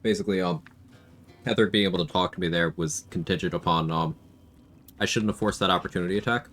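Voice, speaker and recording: A man with a very low, deep voice talks through his game live on stream, casual and matter-of-fact as he lays out his reasoning. Faint game music plays quietly behind him. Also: fast. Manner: matter-of-fact, explains tactics while playing. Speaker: streamer playing a challenge run.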